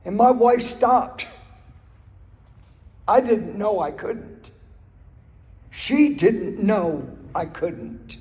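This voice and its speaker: A man's voice: high-pitched, expressive, drawn-out words, pauses often, mellow. A man giving an earnest personal recovery talk, telling stories and repeating phrases for emphasis. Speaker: speaker sharing his recovery story. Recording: reverberant hall recording.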